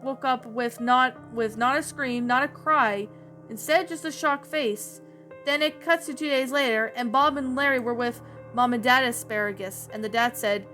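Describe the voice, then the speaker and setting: A woman's voice: a little high, normal speed, sharp tone, soft background music. Woman reading a creepy story.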